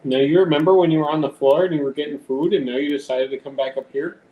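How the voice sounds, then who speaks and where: A man's voice: a little high, steady tone, fast, dull audio. A man rambling casually on a live stream at home, swearing now and then and talking to his cat. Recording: roomy with faint background noise.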